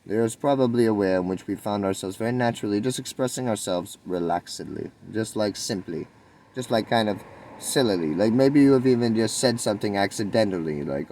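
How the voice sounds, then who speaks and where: Male solo talker, very low voice, drifting spiritual musings, faint traffic hum behind. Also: a little fast, low-quality recording. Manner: meandering, musing, soft-spoken with sudden lifts. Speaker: spiritual vlogger. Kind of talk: rambling spontaneous monologue.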